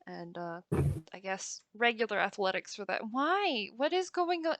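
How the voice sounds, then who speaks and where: A woman playing a tabletop game, giggly and expressive. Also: mid-range voice, moderate pace, dry recording. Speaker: player.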